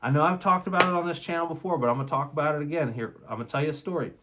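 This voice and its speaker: A man's voice: fairly high pitch, racing, background noise. A man hosting a relationship talk channel, speaking in a blunt, heated casual monologue and acting out quotes as he tells his story.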